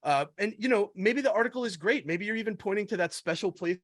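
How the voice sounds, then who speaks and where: A man hosting a webinar panel, his voice a little higher than most men's. He talks casually and with upbeat energy as he steers the conversation, and the sound is dry and close. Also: lively intonation, quick pace, fairly bright tone, dry recording. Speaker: webinar host.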